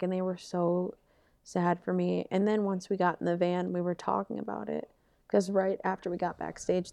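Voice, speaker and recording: Young woman on a podcast, gravelly low-key voice, rambly storytelling, dry close mic. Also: warm tone, dry recording. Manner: rambling, emotional retelling with frequent restarts. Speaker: podcast co-host. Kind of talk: casual chat, storytelling.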